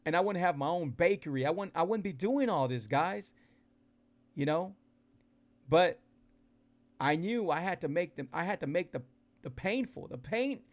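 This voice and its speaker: A man's voice: on the high side, moderate pace, pauses often. A man talking casually and energetically to his followers on a phone livestream. He repeats himself a lot and speaks to viewers in a folksy way about his eating. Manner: animated, repetitive, folksy, addresses viewers directly. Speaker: keto weight-loss vlogger. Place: indoors, livestreaming.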